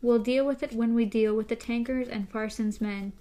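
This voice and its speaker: Woman reading a calm young gunslinger guy, steady, quiet. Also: fairly high pitch, moderate pace, natural voice.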